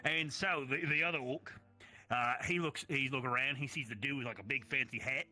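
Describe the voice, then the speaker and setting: A man's voice: medium pitch, fairly quick, bright, forceful tone, soft background music. A man voicing a crude, boastful orc mercenary who rambles through war stories and swears casually in a live role-play.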